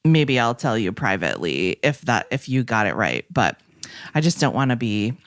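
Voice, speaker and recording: A woman with a low voice chats casually as a podcast co-host. She tells stories with energy and acts out quotes. The sound is dry and close. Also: big pitch swings, normal speed, dry recording. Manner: chatty storyteller, acts out quotes. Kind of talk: casual chat.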